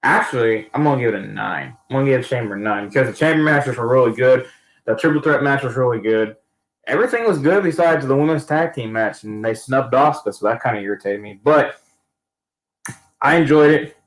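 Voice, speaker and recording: A wrestling fan vlogger gives a casual, rambling recap of a wrestling event, using slang and often restarting his sentences. His medium-pitched voice is brisk, and the room he's in is echoey.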